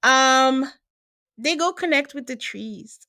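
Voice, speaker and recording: A woman hosting a casual podcast, recapping a reality show in an animated way and acting out what people said. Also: high-pitched, takes it slowly, dry recording, clean studio sound. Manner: animated retelling, acting out quoted lines. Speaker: podcast host.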